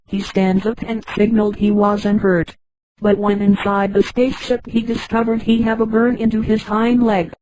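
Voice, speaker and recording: Flat synthetic woman narrating a story. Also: medium pitch, low-quality recording. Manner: flat synthetic reading, reads punctuation aloud.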